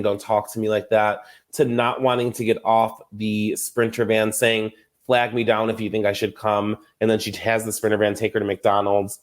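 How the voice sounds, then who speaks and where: A young adult man hosting a casual recap podcast, gossipy and chatty, often laughing and acting out quotes. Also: lowish voice. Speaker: podcast host.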